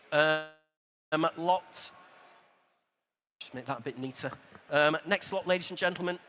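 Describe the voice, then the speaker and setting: Auctioneer guy calling bids fast n chatty, high bright voice, big echoey hall. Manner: brisk, chatty bid calling with dry asides. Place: large exhibition hall saleroom.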